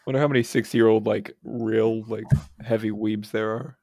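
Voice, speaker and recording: A man with a gravelly, creaky voice, recorded close and dry with no room sound. He talks in a relaxed, halting way, stumbling over and repeating his words as he builds a point. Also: fairly low pitch, no room sound. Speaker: podcast guest. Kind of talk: casual chat.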